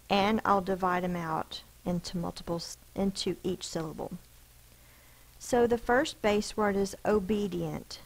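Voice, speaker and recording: A woman's voice: mid-range voice, vocal fry, low-quality recording. A woman teacher giving a recorded spelling lesson, patiently explaining rules and sounding out each letter and syllable.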